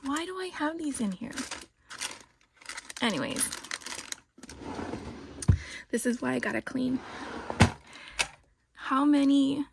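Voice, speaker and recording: A woman's voice: sits high, expressive, slow pace, gravelly, long pauses, noisy background. A woman in her forties, chatty and laughing often as she gives a casual tour of her home craft room. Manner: chatty, laughs often, self-deprecating asides. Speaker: craft business owner giving a room tour.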